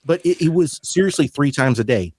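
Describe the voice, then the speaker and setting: A man's voice: a little high, expressive, a little fast, a little mellow, slightly rough, no room sound. A man hosting a podcast, telling stories in casual chat with an exasperated, swearing manner. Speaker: podcast host.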